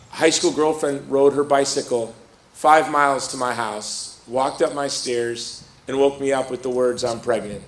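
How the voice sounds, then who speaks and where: A middle-aged man giving a speech at a rally, telling stories in an animated way and joking about himself. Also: on the high side, a little hiss or hum. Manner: animated storytelling, self-mocking humor. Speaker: speaker at a rally. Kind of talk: storytelling speech. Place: stadium. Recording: roomy stadium sound.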